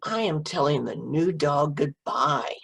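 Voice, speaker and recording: Woman putting on an excitable little dog. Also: low-pitched, unhurried, creaky, breathy edge, exaggerated voice. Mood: excited. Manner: calls out loudly.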